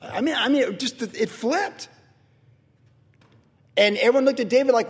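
High-voiced middle-aged man preaching. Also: lively intonation, brisk. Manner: emphatic, conversational preaching. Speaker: pastor. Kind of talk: sermon. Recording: long reverb of a large hall.

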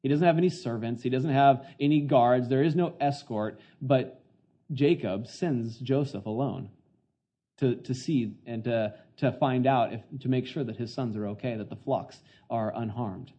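A man teaches through a Bible story in a relaxed, chatty sermon, leaning on filler words. His voice is mellow and dark. The recording is dull and lo-fi. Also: mid-range voice, normal speed. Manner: chatty, full of "you know" fillers, retells scenes. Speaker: pastor teaching a Bible passage. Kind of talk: conversational sermon. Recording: dull lo-fi sound.

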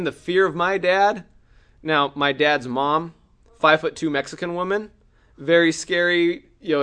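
A middle-aged man preaching a sermon, telling a personal story with acted-out cries and shouts. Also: a little high.

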